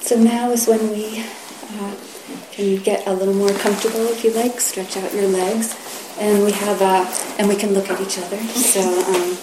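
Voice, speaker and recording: A middle-aged woman giving a Zen dharma talk, soft and halting, often sinking to a whisper. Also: mid-range voice, little pitch movement, background noise. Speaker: Zen teacher. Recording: roomy hall echo, faint ambience.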